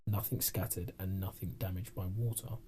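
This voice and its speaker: A man's voice: sits low, steady tone, moderate pace, dark tone, a little hiss or hum. A man co-hosting a paranormal podcast, reading out a case in a rambling casual way, often laughing. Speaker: podcast co-host.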